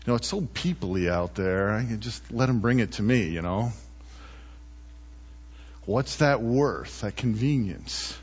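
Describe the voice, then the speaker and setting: A man preaching a sermon in a relaxed, conversational way, often tossing in rhetorical questions to the congregation. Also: medium pitch, big-room sound, lo-fi sound. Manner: chatty, asks rhetorical "right?" often. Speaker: pastor.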